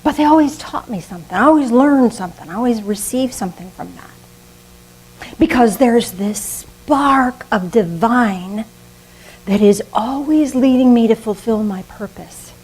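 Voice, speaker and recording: An older woman preaching a sermon in a lively, conversational way, often laughing at herself. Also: a little high, measured pace, breathy edge, rough recording. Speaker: minister.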